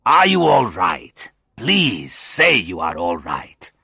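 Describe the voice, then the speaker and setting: A man reading a story aloud and voicing a friendly, worried male friend who asks warm, anxious questions. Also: low-pitched, huge pitch swings, takes it slowly, creaky, husky, no room sound, studio quality, exaggerated voice. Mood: concerned.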